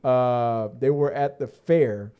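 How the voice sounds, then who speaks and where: A man's voice: mid-range voice, slow, clear, resonant tone, phone-quality sound. A man co-hosting a podcast in loose, rambling casual chat, joking and swearing freely. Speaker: podcast co-host.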